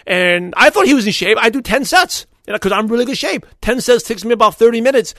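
Lively high-pitched man telling stories. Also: no echo, studio quality. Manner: animated, quotes people in quick back-and-forth. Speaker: podcast host. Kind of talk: casual storytelling monologue.

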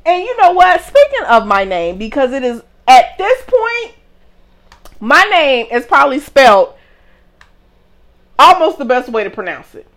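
Animated woman, higher voice, casual host. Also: moderate pace. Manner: animated, laughing, emphatic storytelling. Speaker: podcast host. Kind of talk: casual chat.

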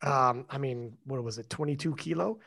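A man hosting a casual sports chat, talking in an animated, swearing way that swings up and down. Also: mid-range voice, moderate pace, creaky.

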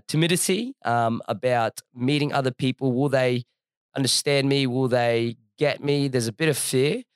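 A man's voice: mid-range voice, smooth, no echo, studio quality. A young Australian man co-hosting a casual chat, animatedly telling stories and acting out the people in them. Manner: lively storyteller who acts out other people's lines. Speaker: podcast co-host.

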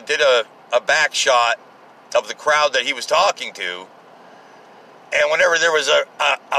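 Sarcastic gravelly man ranting. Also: on the high side, sharp tone, low-quality recording. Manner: sarcastic, profane, exasperated. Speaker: political commentator. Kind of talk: casual ranting commentary.

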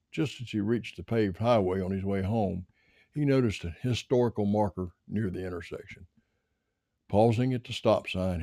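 A man reading a story aloud in steady storytelling narration. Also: on the low side, gravelly, no room sound, clean studio sound.

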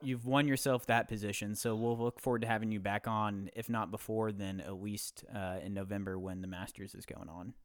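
A man's voice: fairly low pitch, fairly even intonation, a little fast, hardly any pauses, dry recording, clean studio sound. A young man in his twenties hosting a podcast, talking in a loose, upbeat, rambling way with plenty of fillers. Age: 20s. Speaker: podcast host. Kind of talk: casual podcast talk.

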